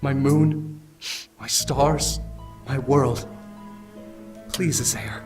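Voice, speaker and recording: Devoted game romantic, tender, earnest, distant audio, loud background music. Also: male voice, medium pitch, fairly even intonation, very slow. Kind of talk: game voice acting.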